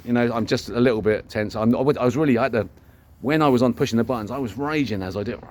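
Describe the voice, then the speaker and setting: A man's voice: medium pitch, fast talker, background noise. An older man tells a long, rambling story in a casual vlog, swearing freely and acting out the dialogue. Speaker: vlogger.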